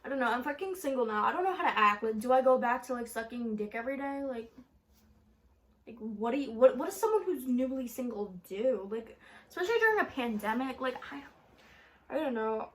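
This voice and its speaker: A young woman talks straight into her phone camera in a loose storytime vlog. Her voice sits high, and she rambles, swears freely and fills every gap with "like". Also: expressive, brisk. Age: young adult. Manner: chatty, profane, rambling with frequent "like". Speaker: vlogger.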